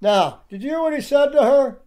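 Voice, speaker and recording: A man's voice: extremely high pitch, lively intonation, fairly quick, dark tone, a little hiss or hum. A man giving indignant, preachy commentary over clips and firing off rhetorical questions. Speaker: online commentator.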